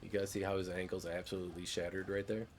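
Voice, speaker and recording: A man's voice: low voice, little pitch movement, fast. A man streaming a game, chatting casually in a laid-back, joking way, swearing freely. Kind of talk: casual gameplay commentary.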